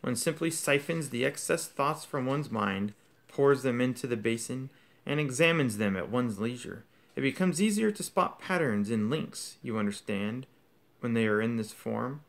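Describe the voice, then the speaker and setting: A man voicing a calm, wise old headmaster who speaks quietly and gently in a measured way. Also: mid-range voice, gravelly. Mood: gentle.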